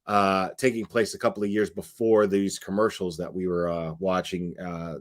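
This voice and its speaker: A man's voice: low-pitched, flat delivery, normal speed. A man doing casual live-stream commentary, talking bluntly and with scorn, full of fillers and restarts.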